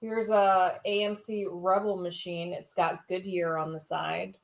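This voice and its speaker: A woman at mid pitch co-hosts a live-stream auction, naming one item after another in an easy, matter-of-fact voice. Her delivery is relaxed and casual, with short pauses as she picks up the next piece. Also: vocal fry. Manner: matter-of-fact listing, brief laughs. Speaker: co-host showing items.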